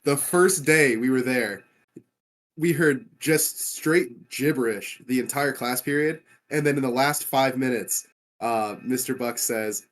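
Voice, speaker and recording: A teenage guy on a casual podcast, venting with exasperation. His voice is mid-pitched and ordinary for a young man. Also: unhurried, a bit bright. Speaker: guest.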